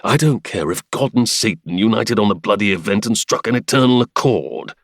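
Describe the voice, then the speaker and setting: Male narrator voicing a grim, impatient aristocrat: low, gruff, clipped. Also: expressive, a little fast, no echo, clean studio sound. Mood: grim, stern. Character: stern, impatient aristocratic lord.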